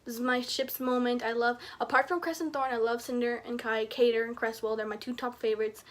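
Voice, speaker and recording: Brief: young woman, high voice, excitable book-review vlogger, dramatizes her reactions. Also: fairly quick. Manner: chatty, excitable, acts out quoted reactions with big pitch jumps. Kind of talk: casual book review vlog.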